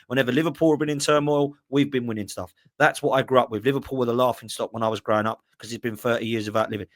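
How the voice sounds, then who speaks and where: Fast-talking Arsenal fan panelist, a man. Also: mid-range voice, a bit bright. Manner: fast, chatty, keeps adding "right?". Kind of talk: casual football debate.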